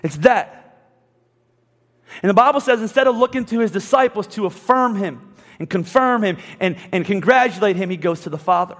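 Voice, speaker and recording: High-voiced preaching pastor in a reverberant hall. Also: male voice, moderate pace, fairly bright tone. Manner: passionate preaching, acting out voices of listeners and Bible figures. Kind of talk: sermon. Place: church hall. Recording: long reverb with faint music behind. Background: faint instrumental music.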